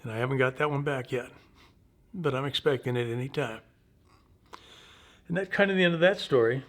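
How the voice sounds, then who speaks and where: Speaking at a medium pitch, a seventy-something veteran tells an interviewer about his personal experiences of war. He takes his time, pausing haltingly in a homespun, folksy manner.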